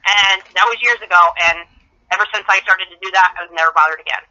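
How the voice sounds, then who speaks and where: A woman's voice: medium pitch, fast, pushed and bright. A middle-aged woman guest telling stories chattily over the phone, acting out the dialogue she quotes. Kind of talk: casual phone interview storytelling. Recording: dull phone-line audio.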